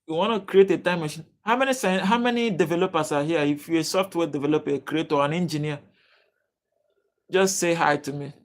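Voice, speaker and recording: Nigerian male stream host, casual and talkative, fairly high voice, keeps welcoming chat. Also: fairly quick. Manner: chatty, greets viewers by name, reads chat aloud. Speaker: livestream host.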